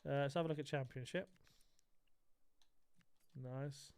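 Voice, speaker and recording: A man's voice: medium pitch, fairly even intonation, unhurried, darkish tone, clear, resonant tone, no echo. A man live-streaming a football video game, chatting casually and joking with his viewers. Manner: banters with chat, jokey, self-described moaner.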